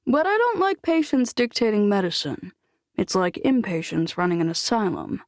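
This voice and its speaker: A brisk male heart doctor who talks firmly and reasons patiently, as a woman narrator reads him. The voice has a gravelly texture and a dry, close sound in this audiobook. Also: mid-range voice, sing-song, dry recording. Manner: firm, reasoning. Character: brisk tall male cardiologist, firm.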